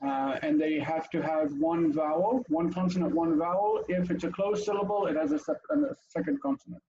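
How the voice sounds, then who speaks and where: A man's voice: a little high, normal speed, highs cut off, background noise. A man teaching an online language lesson over a video call, chatty and explanatory, with frequent ums and asides.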